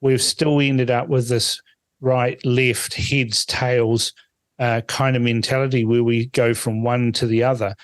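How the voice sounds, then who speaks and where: A man's voice: mid-range voice, level tone, a little slow, no room sound. A man hosting a political podcast, blunt and firm, repeating points for emphasis. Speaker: podcast host. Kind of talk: political talk show.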